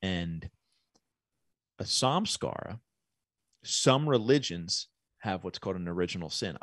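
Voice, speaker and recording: A man's voice: lowish voice, no room sound, studio quality. A man guesting on a podcast, explaining ideas thoughtfully with everyday analogies. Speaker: podcast guest, business owner. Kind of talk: reflective conversational interview.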